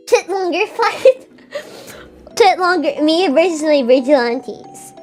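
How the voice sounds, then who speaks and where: A woman's voice: very high-pitched, drawn-out words, a little mellow, faint music behind. A young woman streaming live, casually chatting with viewers in a playful, teasing way and often stammering over her words. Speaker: VTuber streamer. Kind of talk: casual live-stream chat reading super chats.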